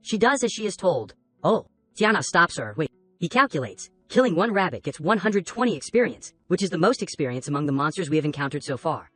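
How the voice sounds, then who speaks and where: A man's voice: a little high, sing-song, brisk, bright, forceful tone, soft background music. A man narrating a comic recap, reading all the characters' lines in his own narrating voice. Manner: reads every character's lines in the same narrating voice.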